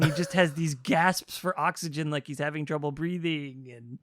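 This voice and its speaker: A man in casual podcast chat, his voice sitting a little high for a man. He retells things animatedly, slipping into quick acted-out lines. The sound is dry and close, with no room around it. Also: dry recording. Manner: animated storytelling, acts out characters' lines. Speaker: podcast co-host explaining a game.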